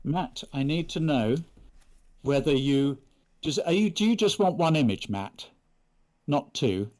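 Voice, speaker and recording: Lively, playful English man chatting. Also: fairly high pitch, a little slow. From England. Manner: chatty, playful, mutters while writing. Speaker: actor signing prints for fans. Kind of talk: casual live-stream chat.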